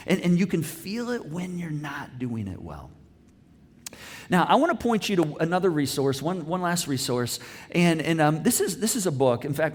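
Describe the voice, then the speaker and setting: A male pastor preaching a sermon in a church, conversational and emphatic, often repeating his words as he goes. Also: fairly high pitch. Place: church auditorium.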